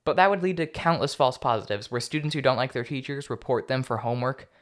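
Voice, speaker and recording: A young male podcast host talks fast at a medium pitch, running his own political commentary show. His tone is laid-back and sarcastic, and foreign names trip him up.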